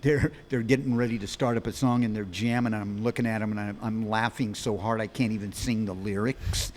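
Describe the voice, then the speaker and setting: Older man telling rapid-fire stories. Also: lowish voice, a little hiss or hum. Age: 60s. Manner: animated, fast bursts with frequent restarts. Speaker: musician guest. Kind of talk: rambling storytelling in an interview.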